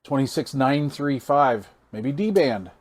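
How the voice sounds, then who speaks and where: A man's voice: mid-range voice, lively intonation, a little slow, a little mellow. A man hosting a casual hands-on radio gear demo, folksy and amazed, thinking aloud while he reads meters and counts into the mic. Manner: counts into the mic during test calls. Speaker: radio hobbyist channel host.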